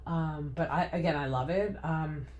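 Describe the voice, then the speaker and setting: A woman's voice: sits low, normal speed, a little mellow, lo-fi sound, a little hiss or hum. Chatty, blunt woman podcast host. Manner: chatty, filler-heavy, blunt and profane. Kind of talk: casual reality TV recap.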